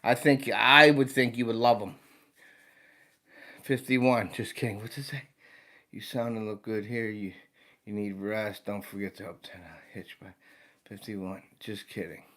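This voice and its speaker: A man's voice: on the low side, steady tone, moderate pace, sharp tone. An American man in his fifties, hosting a casual livestream for his outdoor channel. He sounds tired and yawns now and then, and he chats loosely while greeting viewers by name. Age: 50s. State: tired, yawning.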